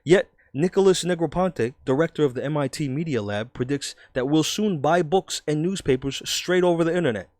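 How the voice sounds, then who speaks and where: A man's voice: a little high, fairly quick, few pauses, dry recording, studio quality, lightly acted. A man doing a scoffing New York columnist. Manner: emphatic, dismissive, loud read-aloud. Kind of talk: dramatic reading in a put-on voice.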